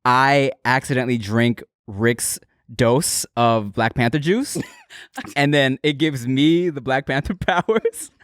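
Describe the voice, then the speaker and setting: A man in his thirties hosting a casual podcast chat, animated and laughing often. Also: medium pitch, slow pace, no echo, clean studio sound. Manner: animated, laughing, slips into mock accents. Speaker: podcast host.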